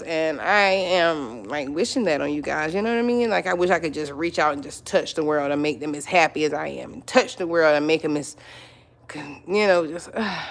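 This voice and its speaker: Middle-aged lady chatting on her live stream, lowish voice, keeps repeating herself. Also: creaky, fairly bright tone. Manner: chatty, repeats herself, greets viewers by name. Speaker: vlogger hosting a livestream. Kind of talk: casual live-stream chat.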